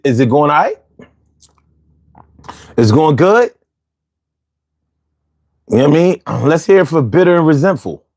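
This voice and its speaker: A man's voice: a little high, no room sound, clean studio sound. A man reading viewer comments aloud and reacting in slangy, profane, conversational talk. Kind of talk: casual commentary.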